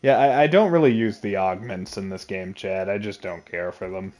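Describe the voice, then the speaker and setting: A man's voice: sits low, normal speed, soft background music. A man live-streaming a video game from home at a desk mic, talking casually, joking and laughing often. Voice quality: laughs often, jokey and animated.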